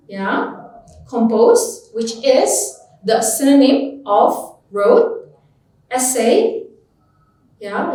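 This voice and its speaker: A woman English tutor, a native Indonesian speaker, explains listening tips at an unhurried pace, her fairly high voice rising and falling widely as she stresses example words. She sits back from the microphone in a room with a heavy echo. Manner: slow, emphatic, repeats example words with lively stress. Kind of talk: teaching lesson. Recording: echoey room, voice far from mic.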